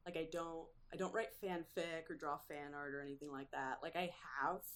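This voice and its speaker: A woman with a low voice chats as a guest in a casual interview, animated and quick to laugh, using lots of fillers.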